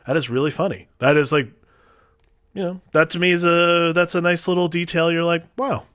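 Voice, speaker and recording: A man in easy podcast chat about a film, mid-pitched and conversational. He rambles, fills gaps with "like", and circles back before landing his point. The recording is dry and close. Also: steady tone, fairly bright tone, smooth, no echo. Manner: rambling, many "like" fillers, quick agreeing replies. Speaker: podcast co-host. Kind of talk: casual film discussion.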